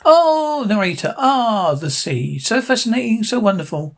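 A man's voice: high-pitched, sing-song, normal speed, heavily acted. A man voicing a dreamy male documentary narrator, swooning over the sea.

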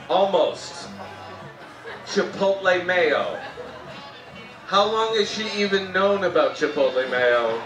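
A Canadian man performing a live stand-up set, telling animated stories about his wife and jumping into sudden high-pitched shouts when he mimics her. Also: slow, long pauses, muffled recording, crowd noise. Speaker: stand-up comedian. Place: outdoor festival comedy tent. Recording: roomy live sound from a distance. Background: audience laughter and faint music.

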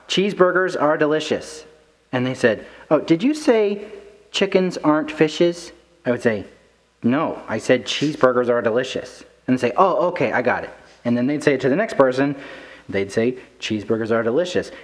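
A man at a church giving a casual teaching talk to kids, chatty and often checking in with "right?". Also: medium pitch. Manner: conversational, asks "right?" often, acts out quotes. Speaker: children's ministry teacher.

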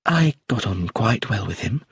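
A man reading aloud plays a cool, reserved middle-aged woman in a storybook mystery, quiet and restrained. His husky voice stays low, and the sound is dry and close. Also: sing-song, a little slow, no room sound, exaggerated voice. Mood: calm.

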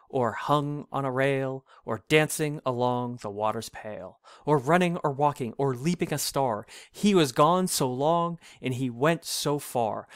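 A man reading an old rhyming storybook aloud, in a measured, sing-song delivery. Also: medium pitch, no echo, studio quality.

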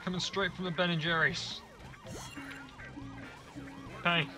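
Sweary young man gaming, slightly high voice. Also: steady tone, takes it slowly, rough recording. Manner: sweary, self-mocking, yelps and groans at the game. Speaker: gaming video creator. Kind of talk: casual let's-play commentary. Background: video game music and sounds.

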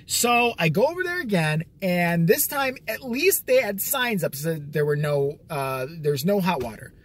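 A man with a fairly high voice delivering a profane comic rant. He sounds sarcastic and exasperated and swears constantly. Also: sing-song, normal speed. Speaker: vlogger.

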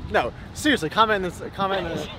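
A man's voice: high voice, fast, a crowd in the background. A man in casual chat with friends outdoors, arguing playfully and laughing as he jokes. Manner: argumentative and joking, laughs often. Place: outdoor seaside boardwalk in the rain.

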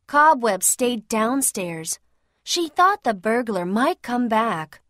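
A woman reading a children's storybook aloud, slowly, clearly and expressively. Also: fairly high pitch, sing-song, a bit bright, no echo, studio quality.

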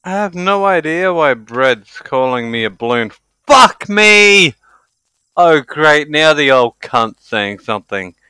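A young man streaming a game live, tipsy from drinking, exasperated and swearing with loud outbursts. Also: mid-range voice, lively intonation, unhurried, few pauses, clear, resonant tone, no echo.

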